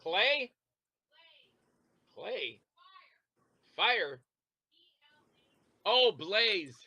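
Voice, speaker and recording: A man chatting as an interview guest, telling long rambling stories about making films, quick to laugh and to act out what others said. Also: high-pitched, sing-song, bright, forceful tone, husky, no echo, poor audio. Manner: rambling anecdotal storytelling. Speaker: interview guest, independent filmmaker and actor. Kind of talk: casual interview chat.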